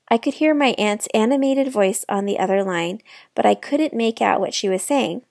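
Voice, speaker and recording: A woman reading a children's novel aloud with clear storytelling narration. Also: fairly high pitch, normal speed, a little mellow, dry recording, clean studio sound. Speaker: children's book reader.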